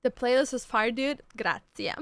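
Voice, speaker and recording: Woman streamer, casual chat, gushing, swearing, smooth, dry close sound. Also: fairly high pitch, moderate pace, no echo. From Canada. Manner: chatty, gushing, swears freely, reads chat aloud.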